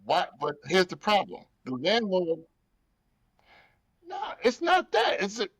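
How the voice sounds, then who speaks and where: A man's voice: high-pitched, a little slow, breathy edge, dry recording. A man hosting a casual podcast, telling stories with lots of feeling, acting out the people in them and swearing freely. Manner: animated storytelling, acts out people, swears freely. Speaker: podcast host.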